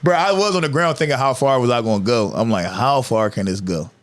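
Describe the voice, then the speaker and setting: A man's voice: mid-range voice, a little fast. A man in his thirties telling stories in a casual, profane podcast chat, laughing as he goes. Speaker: podcast guest, comedian.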